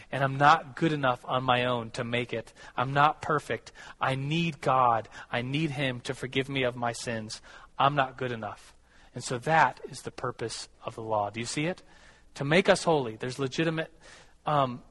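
A man, a pastor, preaching a sermon, telling a personal story in a casual, animated way and closing in prayer. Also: mid-range voice, rough recording. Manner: storytelling, animated when quoting others.

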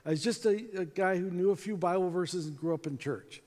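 A man in his sixties from North Dakota speaks to a conference crowd in a fairly high voice. He tells his story with animation and acts out the quoted lines. A long reverb from the big hall trails after his words. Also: fairly quick, darkish tone. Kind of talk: storytelling talk to a conference audience.

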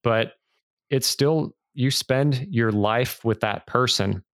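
Smooth-voiced man hosting a podcast. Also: medium pitch, slow pace, fairly bright tone, dry recording, studio quality. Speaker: podcast host. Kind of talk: interview conversation.

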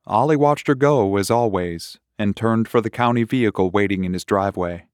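Low-voiced man narrating horror. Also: clear, resonant tone, no echo, studio quality. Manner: measured, unhurried storytelling. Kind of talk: scripted horror story narration.

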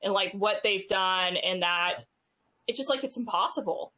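A woman in her thirties, a podcast guest telling stories in a halting, casual way full of fillers. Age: 30s. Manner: halting, many fillers, rises in pitch when animated. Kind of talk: casual conversational storytelling.

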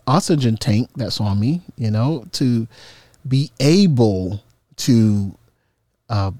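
A man's voice: lowish voice, no echo. A man casually telling a personal story with humor, acting out the voices of people in it. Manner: animated, humorous, acts out quoted voices.

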